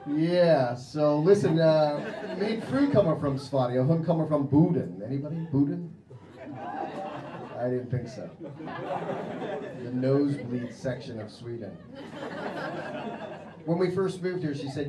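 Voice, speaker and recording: A man's voice: a little high, animated, measured pace, pauses often. An American man doing a crude, mocking stand-up comedy set on a club stage, acting out voices. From United States. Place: comedy club stage before a live audience. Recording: roomy club with loud crowd noise.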